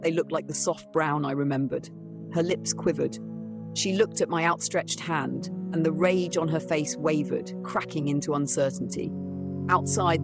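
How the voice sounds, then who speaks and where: A woman's voice: deep voice, vocal fry. A woman telling a ghost story in first person as scripted narration, over background music.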